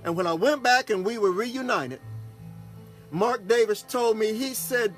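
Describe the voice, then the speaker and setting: High-voiced folksy man telling a story. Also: lively intonation, a little slow, a bit bright, soft background music. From Texas. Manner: folksy, repeats "okay?" to the audience. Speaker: pastor and broadcast host. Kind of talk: casual personal storytelling.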